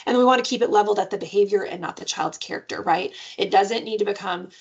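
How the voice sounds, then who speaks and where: A woman presenting a parenting webinar in a conversational way, often checking in with "right?" and sometimes jumping into playful high voices for examples. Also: quick pace, slightly rough, lo-fi sound. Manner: jumps into playful high-pitched voices when giving examples.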